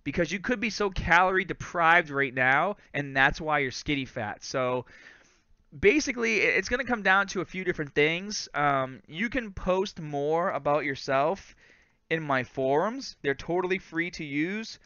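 His voice a little high, sharp and smooth, with lively intonation at normal speed, a thirtysomething fitness host from Lawrence, Massachusetts, chats through a casual live-stream Q&A. He has a light Boston accent, laughs often and uses "bro" and "guys," on a dry, lo-fi recording.

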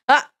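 A woman's voice: on the high side, a bit bright, smooth, no echo, clean studio sound. A young woman streaming as a virtual avatar, chatting casually with viewers in a giggly, teasing and playfully indignant way. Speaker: VTuber streamer. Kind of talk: casual live-stream chat.

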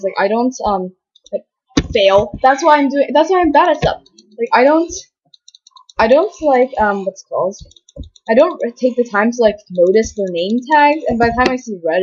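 A woman's voice: mid-range voice, a little mellow, husky, highs cut off. A woman doing let's-play commentary, mocking herself and talking herself through the game on a built-in computer mic. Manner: self-deprecating, talks herself through play. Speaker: gaming video creator.

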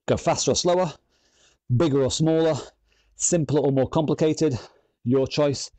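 A man's voice: a little high, moderate pace, dark tone, dry recording. A man leading an online workout class, counting down rounds and encouraging people in an upbeat way. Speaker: fitness instructor.

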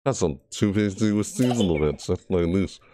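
A man's voice: deep voice, animated, moderate pace, dark tone. A man giving live horror game commentary through a VR headset, jumpy and frustrated, often breaking into panicked yelps and shrieks. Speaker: gameplay commentator.

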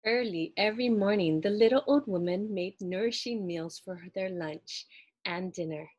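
A woman reading a children's picture book aloud in an expressive, animated storytelling way. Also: medium pitch, normal speed.

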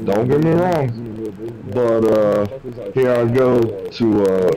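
A young man streaming live, telling a story in casual chat, profane and animated, acting out what others said. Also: on the low side, rough recording. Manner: profane, animated retelling with quoted dialogue.

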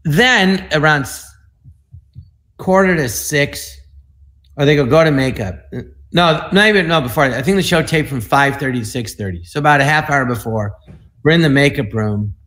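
Male, 60s, from the US. Panel guest, animated storyteller who acts out the dialogue. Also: fairly high pitch, moderate pace. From United States. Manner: animated, acts out other people's lines in the stories. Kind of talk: anecdotal storytelling.

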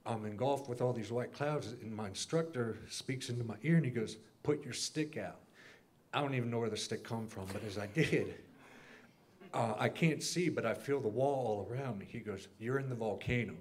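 Man telling his dream to the class, average pitch, acts out the other people's lines, keeps clearing his throat. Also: darkish tone, a little hiss or hum. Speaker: class member sharing a dream. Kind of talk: recounting a dream.

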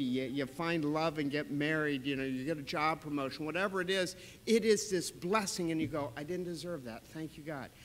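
A male pastor preaching a sermon in a church, telling stories in an animated way with sudden loud bursts. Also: fairly high pitch, long reverb tail, a little hiss or hum, poor audio. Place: church sanctuary.

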